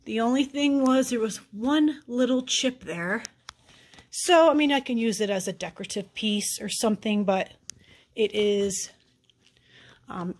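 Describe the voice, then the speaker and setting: A middle-aged woman chatting casually to viewers as she shows off her haul, gushing, with many ums. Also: on the high side. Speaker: vlogger showing her haul. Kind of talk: casual vlog chat to viewers.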